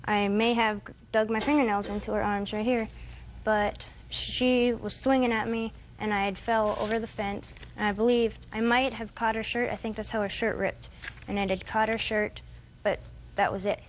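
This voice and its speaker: A woman's voice: medium pitch, fairly even intonation, moderate pace, a little hiss or hum. A woman in her twenties giving testimony as a defendant in court, rambling and hesitant, quoting what others said. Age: 20s.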